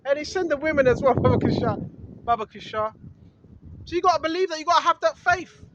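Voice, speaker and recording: A street preacher with a very high, lively voice talks fast, reading scripture and hammering his points with mounting emphasis until he's shouting. The lo-fi recording sounds dull, with faint noise.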